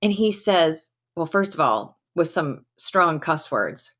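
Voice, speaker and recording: Candid middle-aged woman, low-pitched storyteller. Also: sing-song, takes it slowly, hardly any pauses, a bit bright. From United States. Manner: candid, emphatic storytelling with casual fillers. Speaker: podcast guest, retired Air Force colonel. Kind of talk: personal storytelling in a podcast interview.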